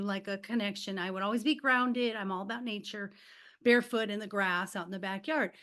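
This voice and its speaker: A woman's voice: medium pitch, sharp tone. A middle-aged woman, a life coach and podcast guest, telling stories in a casual chat, acting out quotes and laughing often.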